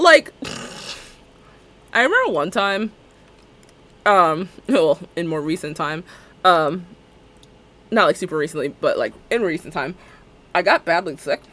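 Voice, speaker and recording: A woman's voice: fairly low pitch, fairly bright tone. A woman live-streaming a game, chatting casually and rambling, laughing often as she talks. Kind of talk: casual live-stream chat while playing.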